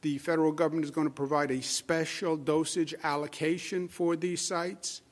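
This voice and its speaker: A man's voice: on the high side, flat delivery, moderate pace. A man with a Queens New York accent, a state official giving a press briefing statement with emphatic repetition and frequent filler sounds.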